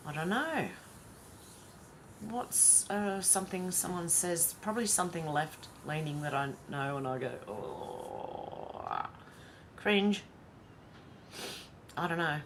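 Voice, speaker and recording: A woman's voice: lowish voice, normal speed, noisy background. Chatty Australian woman vlogger. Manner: chatty and wry, with sighs and asides. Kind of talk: casual commentary reading social media posts aloud.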